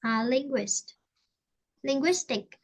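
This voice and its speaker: Taking it slowly in an expressive, high voice, a woman with a Vietnamese accent teaches an online English lesson conversation. She talks hesitantly, searching for words with many fillers.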